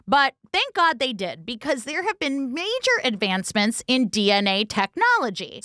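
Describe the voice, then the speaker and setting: Woman, co-host, lively jokey true-crime chat, bright voice, dry close sound. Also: on the high side, dry recording. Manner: animated, jokey retelling with put-on quotes. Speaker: podcast co-host.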